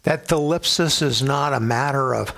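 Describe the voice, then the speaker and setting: A man's voice: mid-range voice, moderate pace, vocal fry, fairly bright tone. A man preaching a sermon as a pastor, emphatic, asking the listeners rhetorical questions and answering them.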